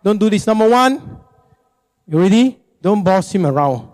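A male pastor preaching a sermon, animated and emphatic, often repeating words for effect. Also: normal speed. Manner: animated, emphatic, jumps into high mimicking.

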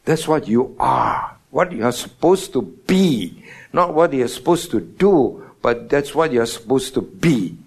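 A man preaching a morning sermon, stressing words with sudden loud and soft swings and asking his listeners questions. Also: medium pitch, animated, measured pace, slightly rough. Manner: emphatic, rising and falling in loudness for stress; asks the congregation rhetorical questions.

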